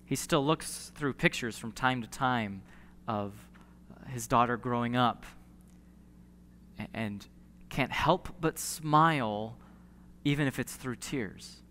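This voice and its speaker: A male pastor preaching a sermon earnestly, with emphatic pauses and repeated phrases. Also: medium pitch, a bit bright, a little hiss or hum. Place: church sanctuary. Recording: long church hall reverb.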